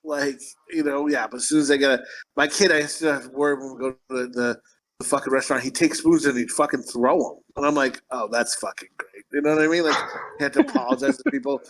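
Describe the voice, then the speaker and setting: A man's voice: medium pitch, fairly even intonation, quick pace, fairly bright tone, low-quality recording. A man co-hosting a podcast, chatting casually about his kids, rambling and swearing, laughing often. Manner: rambling, profane, laughs a lot, acts out voices in anecdotes. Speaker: podcast co-host. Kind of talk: casual chat.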